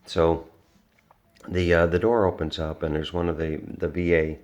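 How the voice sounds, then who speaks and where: A man's voice: deep voice, little pitch movement, normal speed, a little mellow, highs cut off. A man vlogging, rambling through a personal story in a casual, earnest way with lots of restarts and fillers. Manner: earnest, reflective.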